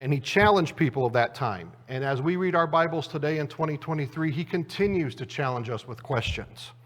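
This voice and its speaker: A man preaching in a church, telling a self-deprecating story in a relaxed, conversational way. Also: fairly high pitch, a little fast. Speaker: preacher and Bible teacher. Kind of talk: conversational sermon with a humorous anecdote. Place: church auditorium. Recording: long church reverb.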